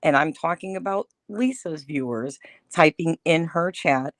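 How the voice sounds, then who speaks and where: A woman's voice: deep voice, measured pace, no echo, clean studio sound. A woman appearing as a guest on a livestream, talking through a topic in a discursive way with lots of fillers. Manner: talkative, discursive, many fillers. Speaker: guest commentator. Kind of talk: casual commentary chat.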